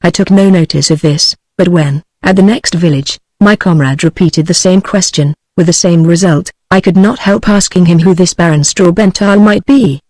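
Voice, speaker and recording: A text-to-speech woman's voice with a British English accent, reading a classic novel aloud at an even, steady cadence. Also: on the low side, moderate pace, few pauses, no echo, poor audio. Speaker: audiobook narrator.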